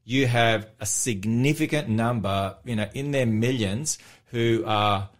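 In a radio studio, an Australian pastor co-hosts an afternoon show, speaking a little slowly at medium pitch. His casual chat is animated and rambling, with ums, restarts, and frequent easy laughter.

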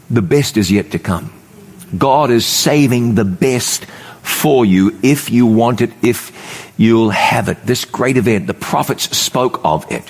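A man preaching a sermon, building fervent high emphasis and then dropping into slow, solemn storytelling. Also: a little mellow. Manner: fervent, rises to high emphatic pitch on key words; slows and drops low for solemn storytelling.

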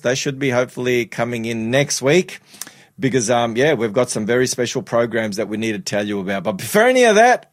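Chatty radio host, slightly nasal. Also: male voice, medium pitch. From Australia. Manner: upbeat, chatty, laughs often, repeats words. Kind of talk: radio studio chat. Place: radio studio.

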